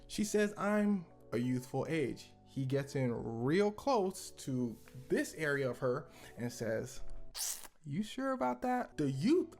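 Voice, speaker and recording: A woman's voice: extremely low pitch, sing-song, slow, few pauses, darkish tone, faint music behind. A woman co-hosting a casual reaction show, telling a story with animation and acting out the quoted lines. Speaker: co-host.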